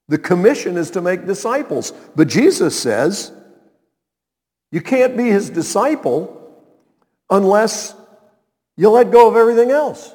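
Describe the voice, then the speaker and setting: Animated preacher man in a reverberant hall. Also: high-pitched, a little slow, pauses often. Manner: emphatic, repeats key phrases. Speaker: pastor. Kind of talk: sermon.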